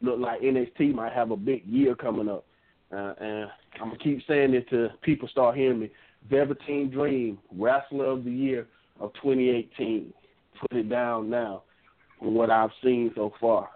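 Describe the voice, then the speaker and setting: A man co-hosting a wrestling show, telling a story in a relaxed, casual way with a Southern dialect. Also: medium pitch, normal speed. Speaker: podcast co-host. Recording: phone-line audio.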